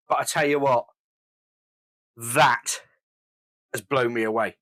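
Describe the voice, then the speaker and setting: A man's voice: mid-range voice, unhurried, long pauses, fairly bright tone. A man doing a casual beer review, talking with gushing enthusiasm.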